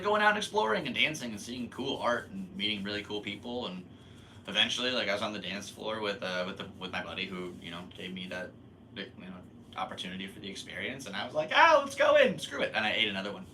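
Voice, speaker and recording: A man's voice: on the low side, a little fast, sharp tone, a little hiss or hum. A young man hosting a podcast, telling a long story in a rambling, laid-back way and laughing at himself. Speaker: podcast host. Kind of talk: casual storytelling monologue.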